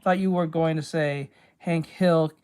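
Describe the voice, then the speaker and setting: A woman's voice: deep voice, steady tone, measured pace, darkish tone, smooth. A woman streamer chatting casually while she draws, rambling and blunt, swearing freely and laughing often. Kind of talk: casual chat while drawing.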